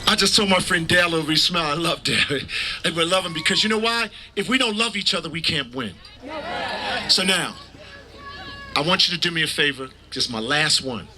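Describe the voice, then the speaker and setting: A man giving a passionate rally speech outdoors, preacher-like, building to shouted call-and-response with the crowd. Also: fairly high pitch, brisk, low-quality recording. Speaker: rally speaker. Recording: crowd noise in the background.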